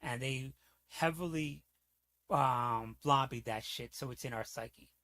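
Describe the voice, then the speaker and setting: A man streams a casual rant at a slow pace, his mid-range voice fairly bright in tone. He gets heated and profane, rambles, and keeps asking "you know what I'm saying."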